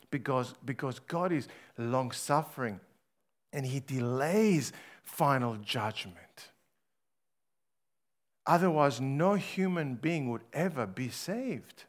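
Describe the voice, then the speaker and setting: A man preaching a sermon, slow and emphatic, swinging between loud rhetorical questions and hushed, low passages. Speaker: pastor.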